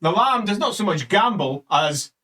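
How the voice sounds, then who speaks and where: A man running an improvised tabletop game as game master, narrating scenes playfully and quickly. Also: sits high, animated, pushed and bright. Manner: playful, quick descriptive narration with trilled sounds.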